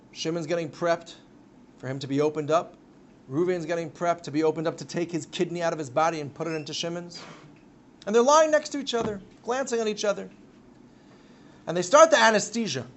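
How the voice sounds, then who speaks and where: A man giving a live religious lecture to a class, telling stories with sudden loud bursts. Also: on the high side, a little hiss or hum. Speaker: Torah teacher.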